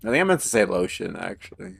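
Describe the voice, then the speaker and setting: A man's voice: sits low, big pitch swings, fast talker, gravelly. A man streaming a game live, chatting playfully and laughing as he stumbles over tongue twisters. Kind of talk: live gameplay commentary.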